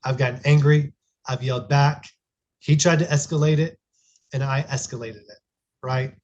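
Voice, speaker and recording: A man's voice: medium pitch, fairly even intonation, moderate pace, darkish tone, muffled recording, a little hiss or hum. A man in his thirties, a podcast guest, telling a family story in an earnest, reflective way with frequent restarts. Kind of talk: casual conversational storytelling.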